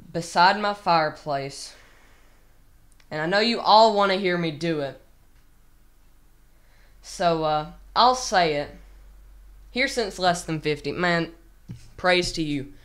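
A woman chatting casually with viewers on a drumming livestream, excitable, with sudden loud shouts and rambling restarts. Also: fairly low pitch.

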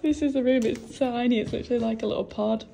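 A woman's voice: on the high side, fairly even intonation, quick pace, creaky, background noise. A young woman from England vlogging casually as she goes around the city, chatty, swearing freely and laughing often. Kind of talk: casual vlog chat. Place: out and about in a city, in bars and a hotel room. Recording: music and crowd chatter behind.

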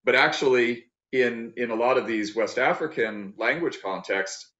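A man giving an academic talk over a video call, thoughtful and halting, with many restarts and fillers. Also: medium pitch, pushed and bright. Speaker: guest lecturer. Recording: roomy, dull video-call audio.

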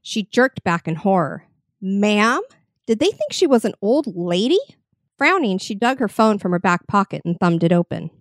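A woman reading a horror story with measured, expressive narration. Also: mid-range voice, no echo, clean studio sound. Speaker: story reader.

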